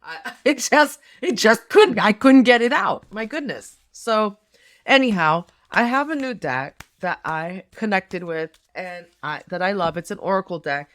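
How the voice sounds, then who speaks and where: A woman's voice: mid-range voice, animated, a little slow, a bit bright. A middle-aged woman doing a tarot reading, talking casually in a rambling way with many fillers and restarts. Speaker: tarot reader and nurse health coach.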